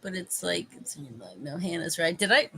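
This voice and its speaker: A woman's voice: lowish voice, very animated, moderate pace, vocal fry, pushed and bright, breathy edge. A Canadian woman casually chatting with viewers on a livestream at home, laughing and fussing over her dog. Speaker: livestream host.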